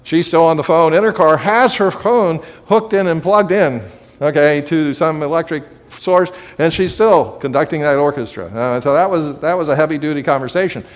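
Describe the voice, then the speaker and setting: A man's voice: a little high, normal speed, in a large hall. A man teaching a class on communication, talking conversationally and telling everyday anecdotes. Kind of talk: lecture to a live audience.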